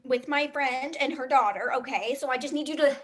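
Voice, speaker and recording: A woman's voice: sits high, a little fast. A woman playing a frazzled mother who keeps scolding her kids over the phone. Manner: scolding, distracted. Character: frazzled single mom guest, always on the phone. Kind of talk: improv comedy.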